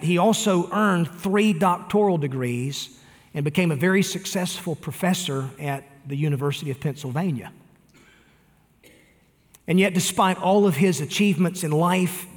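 A man's voice: on the high side, in a large hall. A man preaching a sermon, talking earnestly and appealing directly to his listeners. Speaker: pastor.

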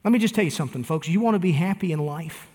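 A pastor delivers a sermon in a somewhat high male voice, pressing his points earnestly and turning straight to the congregation. His words ring out with a long reverb, as from a large hall. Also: animated, rapid-fire, a little mellow. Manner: earnest preaching with direct appeals to listeners.

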